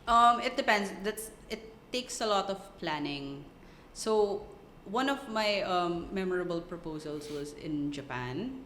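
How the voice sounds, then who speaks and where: A woman's voice: fairly low pitch, unhurried, slight background noise. A Filipino-accented woman, a guest on a podcast, chatting casually and telling stories with acted-out quotes, mixing English and Tagalog. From Philippines. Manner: animated storyteller, acts out quotes, switches into Tagalog. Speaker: guest, wedding photographer.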